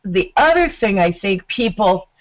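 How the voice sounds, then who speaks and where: A woman from New Jersey with a New Jersey accent, hosting a podcast interview in a casual, high-energy way. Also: unhurried, highs cut off. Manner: energetic, talks with her hands. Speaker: podcast host.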